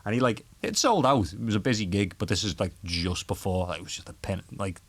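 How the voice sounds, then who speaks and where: Guesting on a casual podcast, a young Scouse-accented guitarist from Liverpool, England, tells animated stories with frequent laughter and swearing. He speaks briskly in a fairly low voice.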